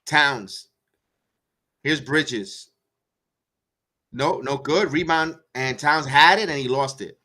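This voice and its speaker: A man's voice: medium pitch, takes it slowly, long pauses, sharp tone. A man hosting a live fan watch-along, calling the plays one by one and breaking into sarcastic asides and rants about the coach. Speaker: watch-along play-by-play host. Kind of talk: live fan play-by-play commentary.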